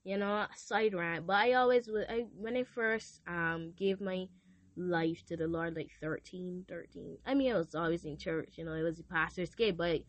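A woman's voice: lowish voice, no room sound, dull audio. Earnest teenage girl podcaster. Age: teens. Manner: earnest, confessional, animated quoting. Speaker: podcast host. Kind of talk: casual faith talk.

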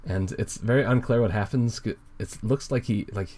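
A man's voice: lowish voice, moderate pace, dark tone. A man co-hosting a casual comedy podcast, reading a fan comic aloud in a rambling, giggly way and swearing freely.

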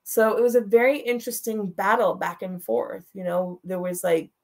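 A woman's voice: mid-range voice, moderate pace, a little mellow. A woman guest in an interview, telling a personal story in a frank, blunt way and laughing through the hard parts.

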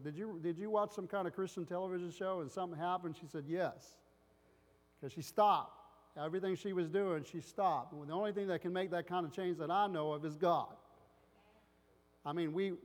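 A male pastor giving a sermon full of personal stories. He rambles and loses his place, acting out loud family voices along the way. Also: fairly high pitch, long reverb tail.

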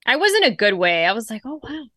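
A woman co-hosting a podcast, chatting casually and gushing, with quick back-and-forth interjections. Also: mid-range voice, sing-song, sharp tone, dry recording, studio quality. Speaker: podcast co-host. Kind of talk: casual chat.

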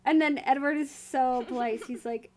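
Thoughtful woman with a high voice. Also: fairly even intonation, normal speed, darkish tone, a little hiss or hum. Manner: thoughtful, laughs easily, reads quotes aloud. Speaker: co-host of a book discussion. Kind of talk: casual chat.

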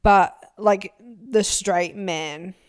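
A young woman talking in a casual, animated podcast chat. Her voice sits at an ordinary middle pitch. She tells stories with lively energy. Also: very slow, smooth. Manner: animated, quotes people in put-on voices. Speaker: podcast co-host.

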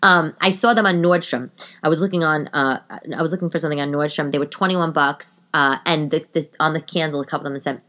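A woman in her thirties hosts a podcast from her living room and talks in a loose, rambling way. Her voice sits a little low, and she keeps doubling back with restarts and asides. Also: steady tone, brisk, a bit bright. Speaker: podcast host. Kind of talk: casual monologue.

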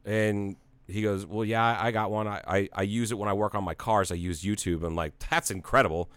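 A man's voice: on the low side, a little fast, smooth, no room sound. A man of forty from Ohio, chatting casually on a podcast and telling a story with plenty of quoted back-and-forth dialogue, swearing now and then. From Ohio, United States. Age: 40s. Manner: animated storyteller, acts out both sides of a conversation.

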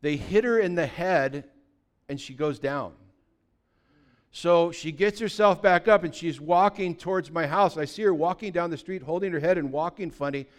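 Pastor guy from california, 50s, telling a story in a sermon, smooth clear voice, a bit on the high side, gets loud sometimes. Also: moderate pace. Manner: lively anecdotal, with sudden loud bursts.

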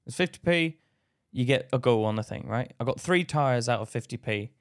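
Animated man telling a story. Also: mid-range voice, fairly quick. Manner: animated, acts out voices in anecdotes. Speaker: podcast co-host. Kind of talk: casual storytelling chat.

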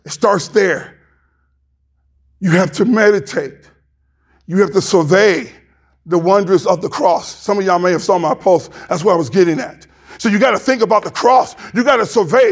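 A male pastor preaching a sermon, emphatic and repetitive, building to shouted climaxes. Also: high voice, animated, normal speed, slightly rough.

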